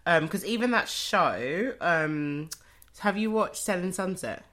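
A woman's voice: on the low side, animated, takes it slowly, fairly bright tone. A young woman co-hosting a podcast in casual chat, teasing, laughing often and swearing casually. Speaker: podcast co-host.

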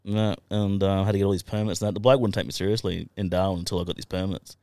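A man's voice: deep voice, little pitch movement, fast, a little mellow, dry recording. An Australian man, a podcast guest, telling his life story in a casual, profane way and laughing now and then. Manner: swears constantly, laughs through his story.

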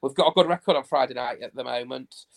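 A man reciting football statistics on a fan podcast, pausing often with fillers. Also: mid-range voice, vocal fry. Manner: steady recital of stats with many uh fillers. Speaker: stats guest on fan podcast. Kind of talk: casual podcast chat.

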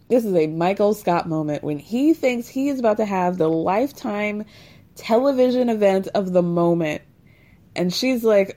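A woman hosting a casual recap of a reality show, talking to her viewers in an animated, gossipy way and laughing often. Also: mid-range voice, moderate pace.

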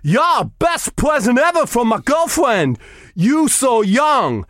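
A man voicing an eager young male footballer with a mock German accent and broken, excited speech. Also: very high-pitched, slow, dry recording, clean studio sound, voice pushed up, exaggerated voice.

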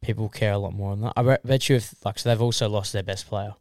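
Laid-back young man, quiet. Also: lowish voice, steady tone, fast talker, no room sound, studio quality. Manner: laid-back, short interjections, often quiet. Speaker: podcast co-host. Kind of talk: casual chat.

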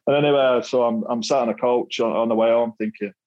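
Lo-fi audio captures a former footballer, a middle-aged man with a Mancunian accent, telling self-deprecating stories from his career as a guest on a casual podcast. He talks fast in a mid-range, darkish voice with fairly even intonation, laughing often and repeating words.

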